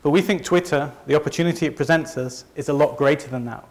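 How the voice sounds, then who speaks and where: A chatty company presenter from Leeds, in the north of England, speaks with a Northern English accent at a quick pace in a voice on the high side. Giving a conference presentation to a live audience, he's conversational and self-deprecating, with frequent restarts.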